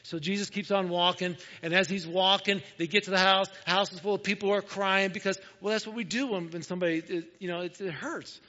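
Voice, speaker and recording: A man preaching a sermon, retelling a gospel story in a casual, conversational way and often dropping to a soft, hushed voice. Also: sits high, steady tone, fast, few pauses. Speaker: pastor. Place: church sanctuary. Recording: dull, lo-fi church recording with long hall reverb.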